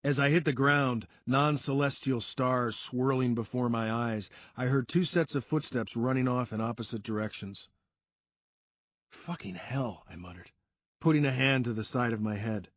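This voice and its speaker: A man reading a first-person crime story aloud in a steady storytelling delivery. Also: medium pitch, moderate pace, few pauses, dry recording. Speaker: audiobook narrator. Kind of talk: first-person scripted narration.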